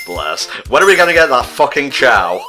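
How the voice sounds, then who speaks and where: A man's voice: mid-range voice, big pitch swings, moderate pace, bright, forceful tone, faint music behind. A man giving casual, sarcastic gaming commentary while playing with friends, swearing freely. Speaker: let's play commentator.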